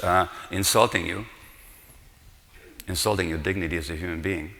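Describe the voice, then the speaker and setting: Older male conference speaker, very deep voice with a bright edge, earnest and explanatory, long hall reverb. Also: moderate pace, vocal fry, long pauses. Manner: earnest, explanatory, asks the audience rhetorical questions. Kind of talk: conference lecture. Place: large hotel conference hall.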